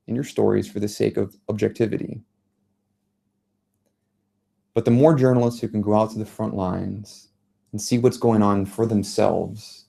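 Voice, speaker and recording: American man in his thirties, mellow tone, earnest speaker at a lecture. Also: fairly low pitch, creaky, breathy edge. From United States. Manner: earnest, measured storytelling. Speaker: journalist giving a talk. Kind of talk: public speech. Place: lecture venue.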